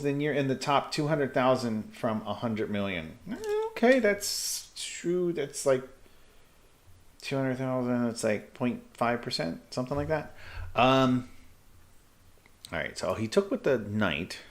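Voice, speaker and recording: A man streaming live chess, thinking aloud in halting, muttered bursts as he calculates moves. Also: medium pitch, big pitch swings.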